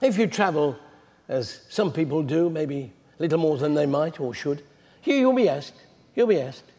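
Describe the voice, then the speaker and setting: A man's voice: fairly high pitch, normal speed. A man preaching a sermon, retelling scripture stories in a chatty storyteller manner. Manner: conversational storytelling, animated retelling. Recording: long hall reverb.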